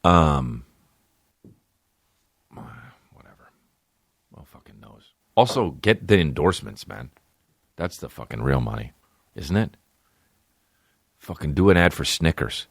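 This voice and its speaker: A man's voice: very deep voice, measured pace, gravelly, pauses often, no room sound, studio quality. A man hosting a podcast who riffs profanely through a casual comedic rant. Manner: profane, animated, riffing.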